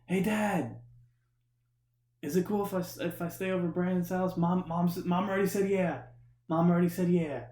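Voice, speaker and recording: A man voicing his teenage friend, a boy calling out loudly to his absent parents in a high, strained voice. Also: steady tone, normal speed, roomy sound, close to an everyday voice. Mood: pleading.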